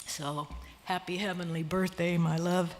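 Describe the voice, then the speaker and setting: A woman's voice: on the low side, steady tone, measured pace. Older woman giving a tearful eulogy. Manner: tearful, laughing through emotion. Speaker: sister of the deceased giving a eulogy. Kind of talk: emotional memorial eulogy. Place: church sanctuary. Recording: long church-hall reverb.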